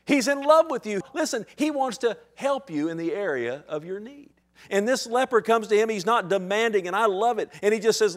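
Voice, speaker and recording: Guy in his 30s preaching, talky then punchy, a bit high pitched. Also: animated, a little fast. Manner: conversational, building to emphatic. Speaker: pastor. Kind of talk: sermon.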